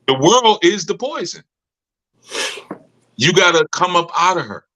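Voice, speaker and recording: A man with a bright, fairly high voice gives a loose, colloquial talk. He tells stories at length and laughs often as he goes. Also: very animated, measured pace, rough recording. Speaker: community leader speaking to members. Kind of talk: casual storytelling talk.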